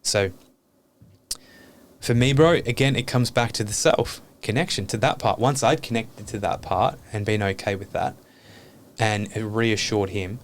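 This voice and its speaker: Low-voiced man sharing earnestly. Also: a little slow, a little hiss or hum. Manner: earnest, open, swears casually. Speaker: podcast guest. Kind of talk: reflective podcast conversation.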